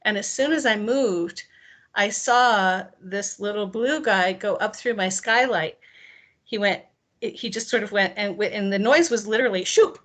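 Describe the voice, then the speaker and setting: A woman guest tells her own story with energy and drama. She slips in and out of the voices of the people in it. Her voice sits at a middle pitch. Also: moderate pace. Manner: animated, acts out quoted dialogue. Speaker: interview guest. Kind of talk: personal storytelling.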